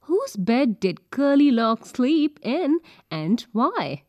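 A woman reading page numbers, vocabulary and questions from a school textbook in a clear, careful classroom manner. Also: sits high, very animated, takes it slowly, a little mellow, dry recording. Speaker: textbook reader. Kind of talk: reading lesson prompts and questions.

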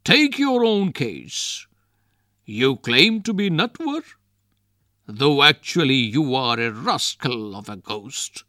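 A brash young wrestler, put on by a male storyteller, taunts in a loud, drawn-out jeer. His pitch leaps up and down as he mocks, and the sound is dry and close. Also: sing-song, no room sound, exaggerated voice. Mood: taunting.

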